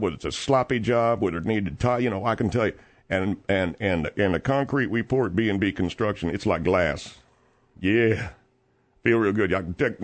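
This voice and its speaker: Man doing a low-voiced, rambling middle-aged construction boss, petty and stammering, radio comedy bit. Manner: rambling, stammering, easily aggrieved. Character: blustering male concrete contractor, petty and long-winded. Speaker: guest host filling in on a radio show. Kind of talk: comedic radio call-in monologue.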